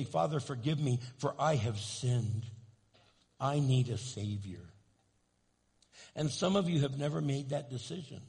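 In a large church sanctuary with long reverb, a pastor delivers a sermon, speaking plainly to his congregation and building into fervent calls to pray. His voice sits in the mid range, creaky and darkish with a breathy edge.

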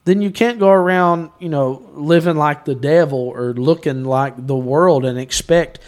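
A man's voice: on the high side, normal speed, darkish tone. A man hosting a faith talk show, speaking in an emphatic, preacherly way.

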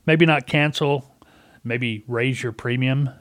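A man's voice: medium pitch, steady tone, takes it slowly, fairly bright tone, no echo. A middle-aged man hosting a casual talk radio show, telling a folksy story and acting out a caller's lines.

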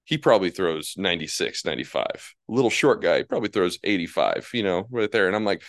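A man in his twenties, a college pitcher, telling baseball stories in casual chat and acting out the people he quotes. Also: brisk, hardly any pauses, no room sound, studio quality. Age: 20s. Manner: animated storyteller, acts out quotes in high voices.

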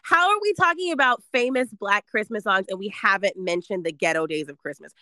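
A woman in her thirties, hosting a casual chat, animated and laughing as she talks. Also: medium pitch, fairly quick, few pauses, no room sound, clean studio sound. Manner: animated, laughing, reads lyrics aloud playfully.

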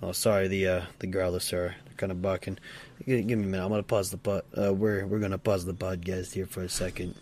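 A man with a lowish voice tells a story in a casual role-play podcast. He sounds tired and talks in a halting way, full of fillers and restarts. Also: level tone, darkish tone, a little hiss or hum. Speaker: podcast co-host.

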